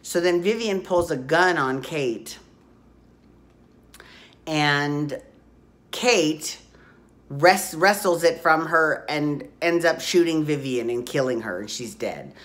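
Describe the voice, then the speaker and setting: Low-voiced woman with a blunt, chatty recap. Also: slow pace, pauses often. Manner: chatty and blunt, swears freely. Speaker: soap opera recap host. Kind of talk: casual podcast recap.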